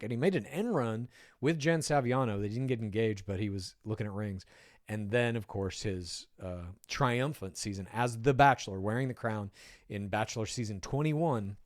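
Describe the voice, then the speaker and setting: A man's voice: on the low side, no room sound, clean studio sound. A man giving casual, wry commentary while reading an article aloud, often drifting off on tangents and swearing now and then. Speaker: pop culture commentator.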